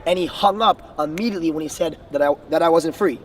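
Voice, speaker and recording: A young Bahamian sales trainer gives a motivational coaching talk, offering viewers earnest, enthusiastic sales advice. His fairly high voice moves at a quick pace, picked up by a distant mic with faint street noise.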